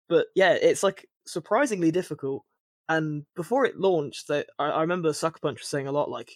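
A man talking casually on a podcast, his voice sitting a little high for a man. He rambles, restarting sentences and filling gaps with little fillers. The recording is close and dry. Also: fairly quick, no room sound. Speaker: podcast co-host.

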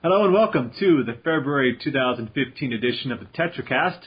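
A man's voice: medium pitch, lively intonation, fast talker, breathy edge, low-quality recording. A man hosting a casual podcast chat, with a dry, sarcastic humor and R's that come out like W's. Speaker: podcast host.

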